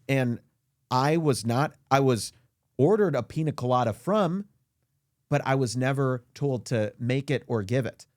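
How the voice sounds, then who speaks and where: A man as a podcast guest in a comedic rant, indignant and self-pitying, his voice climbing high as he complains. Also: normal speed, no room sound, clean studio sound. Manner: indignant, whiny self-pity, voice climbs high when ranting. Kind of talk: comedic mock interview rant.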